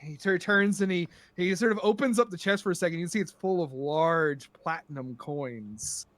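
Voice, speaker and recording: A man's voice: sits high, moderate pace, fairly bright tone, no echo. A man narrating as game master of a tabletop game, chatty and full of fillers, on a home microphone. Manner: chatty, laughing, many fillers.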